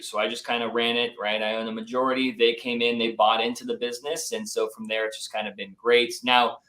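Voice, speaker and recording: A young man, a business founder, chatting casually as a podcast guest and telling animated stories, often saying "like" and "dude". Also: medium pitch, a little fast, few pauses, rough recording. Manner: animated, acts out quotes, says "like" and "dude" often. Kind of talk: casual interview storytelling.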